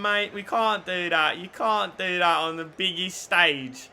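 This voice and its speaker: A man commentating on his own football video game play, shifting between low muttering and shouted excitement. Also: normal speed, hardly any pauses. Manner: lively, swings from low mutters to shouted celebrations. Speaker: gaming YouTuber.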